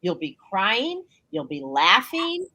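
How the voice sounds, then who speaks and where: A woman's voice: mid-range voice, slow, no room sound, low-quality recording. A woman guest on a call-in talk show who speaks from her bedroom and tells stories animatedly, acting out what others said. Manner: animated storyteller, acts out quotes. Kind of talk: casual radio talk. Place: home bedroom.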